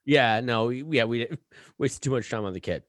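A man's voice: medium pitch, normal speed, fairly bright tone, dry recording, clean studio sound. A man co-hosting a podcast, rambling and cursing with many restarts as he rants. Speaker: podcast co-host. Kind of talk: casual podcast chat.

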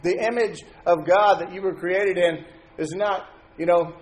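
A man's voice: high voice, fairly even intonation, measured pace. A man preaching a sermon as pastor, talking to his congregation in a conversational way and asking them questions.

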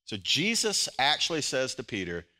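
A man preaching a sermon as pastor, moving between loud, impassioned emphasis and quiet, earnest intensity. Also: medium pitch, huge pitch swings, normal speed.

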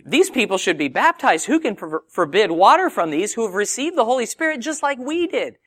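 A man voicing an insistent adult male apostle in quick acted quotes within a sermon. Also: sits high, sing-song, a bit bright, pitched above the performer's own voice, heavily acted. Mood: protesting.

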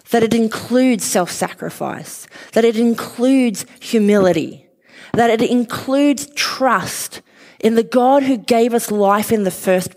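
A woman's voice: a little high, darkish tone. A woman preaching a sermon, conversational, telling a personal story with fillers and light laughs. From outside Western Australia.

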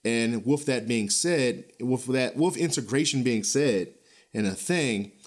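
A man at middle pitch hosts a casual podcast and rants bluntly, swearing freely and chuckling as he goes. His delivery is loose and rambling, full of restarts and fillers, and it swings between heated and offhand. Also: unhurried. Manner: blunt, profane, animated ranting with frequent chuckles. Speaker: podcast host. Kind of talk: casual ranting podcast commentary.

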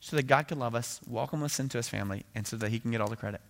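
A man's voice: racing, gravelly. A male pastor preaching a sermon in a casual, conversational way, acting out dialogue with bursts of rising energy. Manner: animated, acts out biblical dialogue with rising pitch and volume.

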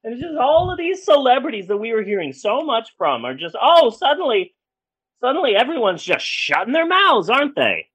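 A woman's voice: a little high, wildly swooping pitch, brisk, a bit bright, slightly rough, low-quality recording. A woman co-hosting a podcast, ranting angrily with lots of swearing in casual chat. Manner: angry, profane ranting. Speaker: podcast co-host.

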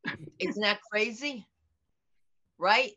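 A woman's voice: mid-range voice, slow, pushed and bright, a little hiss or hum. An older woman comedian chatting in an interview, telling stories animatedly and acting out the voices of people she quotes. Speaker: comedian guest. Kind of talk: casual interview chat. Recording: dull lo-fi audio.

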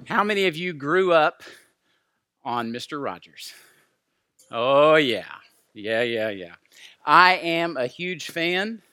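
A man's voice: fairly high pitch, lively intonation, takes it slowly, pauses often, sharp tone. A man preaching a sermon in an earnest, heartfelt storytelling way. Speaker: pastor.

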